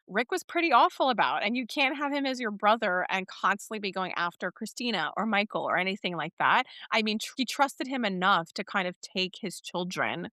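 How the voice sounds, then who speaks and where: A woman co-hosts a podcast in casual chat. Her voice is bright and forceful, and she acts out what others said in put-on voices. The sound is dry and close to the microphone. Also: mid-range voice, no room sound. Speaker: podcast co-host. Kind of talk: casual chat recapping a soap opera.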